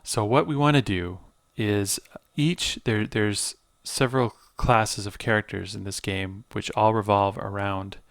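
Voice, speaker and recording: A man's voice: lowish voice, steady tone, a little slow, vocal fry, few pauses, fairly bright tone, dry recording. A man hosting a let's play, reading game text aloud and explaining with hesitant fillers as he searches for words.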